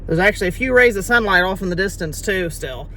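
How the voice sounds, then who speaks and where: A woman's voice: medium pitch, animated, fast talker, bright, forceful tone, a little hiss or hum. A woman with a Texan accent talking casually to the camera outdoors on a ranch, chatty and laughing easily. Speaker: hunter vlogger. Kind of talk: casual vlog talk to camera.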